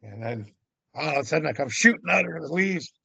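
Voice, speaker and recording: A man telling a story as a podcast guest, in a lively, casual way that acts out the scenes. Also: a little high, brisk, vocal fry, husky, dry recording. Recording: dull lo-fi audio.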